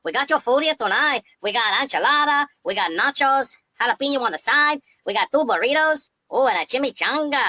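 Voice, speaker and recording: Brief: brash squeaky male restaurant worker, sharp and close. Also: lively intonation, fairly quick, hardly any pauses, dry recording, exaggerated voice. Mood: brash, teasing. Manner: squeaky, brash sales patter.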